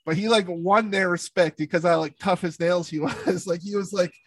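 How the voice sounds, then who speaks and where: Casual male storyteller, high-pitched, dry close recording, rambling and loose. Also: steady tone, moderate pace, dry recording. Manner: rambling storyteller, heavy on "like" and swearing. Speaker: former camp counselor telling stories. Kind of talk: casual chat.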